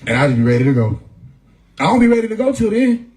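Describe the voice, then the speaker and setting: Man, casual livestream talk, slangy, profane, laughs often, fairly high pitch. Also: very animated, quick pace, a little mellow, poor audio. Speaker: livestream host. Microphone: phone mic.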